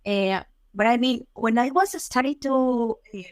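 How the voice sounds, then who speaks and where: A woman's voice: fairly high pitch, a little slow, no echo. A woman interviewing a guest, talking hesitantly and saying "I mean" a lot. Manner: hesitant, many "I mean" fillers. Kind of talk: casual interview conversation.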